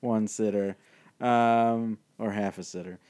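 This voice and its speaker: A man's voice: on the low side, steady tone, slow, darkish tone, clean tone. A man co-hosting a movie podcast in casual chat, hesitant, repeating words and giggling. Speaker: podcast co-host.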